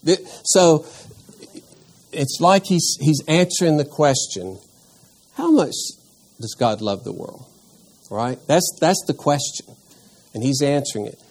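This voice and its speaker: A man leads a Sunday school class, reading scripture aloud before breaking it down for the group. He talks slowly and deliberately, pausing and restarting his sentences as he works his way toward questions for the class. His voice sits at a medium pitch. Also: lively intonation, a little mellow, breathy edge. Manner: slow and deliberate, with frequent pauses and restarts. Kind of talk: church Bible class teaching.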